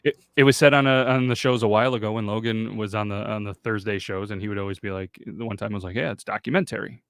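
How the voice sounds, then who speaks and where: A man's voice: fairly low pitch, level tone, fast, clear, resonant tone, no room sound. A man hosting a podcast, rambling casually and swearing in loose banter. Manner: rambling, swearing, self-conscious. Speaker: podcast host.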